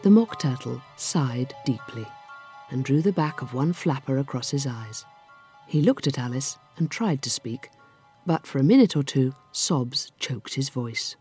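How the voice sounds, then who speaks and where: A woman narrating a storybook in an expressive, lilting way. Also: a bass voice, a little slow, faint music behind. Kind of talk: storybook reading.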